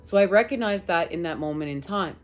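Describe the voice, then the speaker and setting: A woman tarot reader tells viewers a personal story in casual spiritual talk, emphatic and rambling, with the occasional swear word. Her voice is on the low side, animated and fairly quick.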